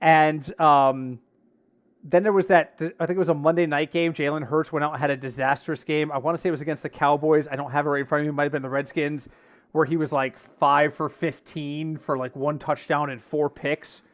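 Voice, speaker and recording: A man co-hosts a podcast in casual conversation, his fairly high voice steady in tone and a little fast. He tells stories and acts out the quoted lines of the people in them.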